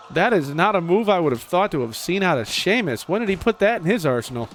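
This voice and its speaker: Excitable man calling wrestling play-by-play. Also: fast talker, few pauses, a little hiss or hum. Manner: excitable, with sudden jumps in pitch on big moves. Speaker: play-by-play commentator. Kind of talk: video game wrestling commentary.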